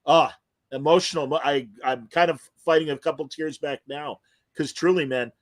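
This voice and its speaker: A man hosting an interview podcast, telling stories in an animated, emotional, casual way. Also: a little high, normal speed. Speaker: podcast host interviewing comic creators. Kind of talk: casual chat.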